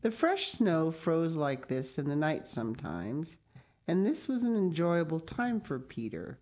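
Woman reader, low pitch, reads a children's story aloud and breaks off for asides. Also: big pitch swings, darkish tone. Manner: reads slowly, stops to comment and cough.

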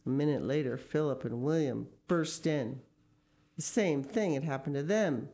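A woman's voice: deep voice, moderate pace, dark tone. A woman reading a children's story aloud expressively, with casual asides. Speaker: story reader.

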